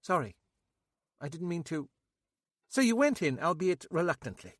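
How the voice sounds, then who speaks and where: A sharp-tongued woman detective sergeant, played by a male narrator, clipped and sarcastic in her questions. The delivery moves around lively in pitch. The sound is dry and close. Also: normal speed, no echo. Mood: sceptical.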